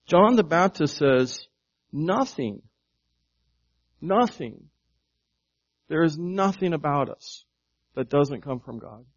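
A man with a fairly high voice preaching a sermon in a friendly, conversational manner. He keeps asking his listeners questions and often restarts his phrases. The recording sounds dull and lo-fi. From United States. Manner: conversational preaching, asks the congregation questions, repeats words. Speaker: pastor.

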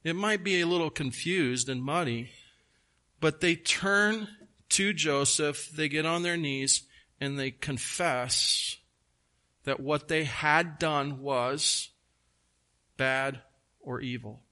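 A pastor preaching a sermon, slowing down to stress key words, with folksy asides. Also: male voice, a little high, bright, forceful tone.

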